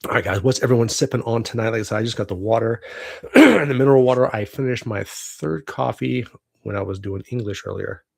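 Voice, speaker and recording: A husky, gravelly man in his forties, from the United States, hosts a casual livestream from home. He rambles, swears and laughs as he chats, pitched at an ordinary middle height, and the webcam catches him dry and close. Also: a little fast, dry recording. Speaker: livestream host.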